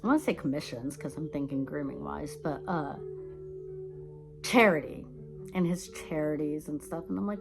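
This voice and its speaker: A woman vlogger telling rambling, animated stories in a casual chat, laughing now and then. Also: low-pitched, normal speed, creaky, faint music behind, poor audio.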